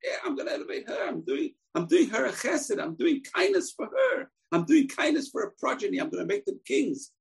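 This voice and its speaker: A man voicing a king who eagerly justifies his own deed, with a gravelly edge. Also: very high voice, wildly swooping pitch, brisk, few pauses, recorded from a distance, voice pushed up, exaggerated voice. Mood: self-justifying.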